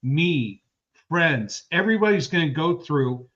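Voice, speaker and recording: A man's voice: on the high side, expressive, a little slow, a bit bright, muffled recording. A man in his fifties co-hosting a sports podcast, rambling through personal anecdotes in casual chat. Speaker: podcast co-host.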